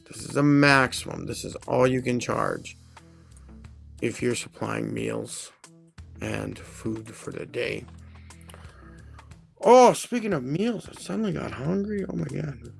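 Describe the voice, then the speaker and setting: Unhurried male HR host with a gravelly voice, rambling and self-correcting as he chats on a stream. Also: medium pitch. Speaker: HR consultant host. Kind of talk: casual live-stream explainer.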